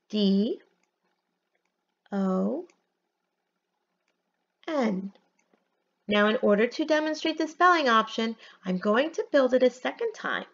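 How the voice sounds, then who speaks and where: A woman teaches a phonics lesson from home, sounding out each letter slowly and deliberately. Her voice sits a little high, and she keeps an unhurried classroom pace. The recording is dull and lo-fi. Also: expressive. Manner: slow, deliberate, spells letters one by one.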